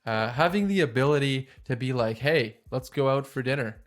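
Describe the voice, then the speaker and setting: A man's voice: medium pitch, normal speed. A man co-hosting a podcast in casual chat, rambling with chuckles and poking fun at himself. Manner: rambling, chuckling, self-deprecating. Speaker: podcast co-host.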